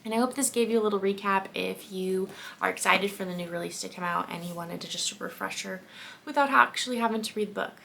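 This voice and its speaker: Young woman book vlogger, kinda gravelly, bright sharp tone, chatty and emotional. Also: mid-range voice, slight background noise. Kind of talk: casual chat and book reading. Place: home office.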